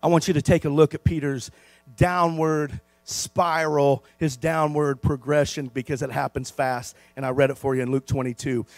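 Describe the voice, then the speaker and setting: A man preaching from the pulpit in a high, ringing voice. He calls out for amens and swings between hushed low stretches and loud, rising bursts. The sound is dry and close. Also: little pitch movement, moderate pace, no room sound. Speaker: pastor. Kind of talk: sermon.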